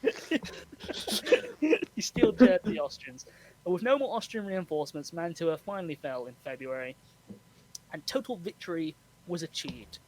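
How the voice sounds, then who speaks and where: A man hosting a podcast, explaining history in a relaxed chat with frequent laughs. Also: fairly high pitch, normal speed, pauses often, crowd noise, rough recording. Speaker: podcast host. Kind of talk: casual storytelling chat.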